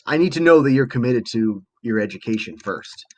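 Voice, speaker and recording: A man's voice: mid-range voice, lively intonation, a little fast, dry recording, natural voice. A man voicing a male teacher who firmly and earnestly lectures a student about school. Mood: stern. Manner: earnest, firm.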